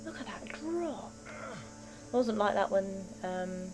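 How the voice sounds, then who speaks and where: A woman's voice: medium pitch, lively intonation, slow pace, long pauses, background noise. Jittery, giggly woman gaming on a headset. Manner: jittery and giggly, lots of gasps and exclamations. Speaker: gaming channel host. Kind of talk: let's play commentary. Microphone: headset mic with headphones.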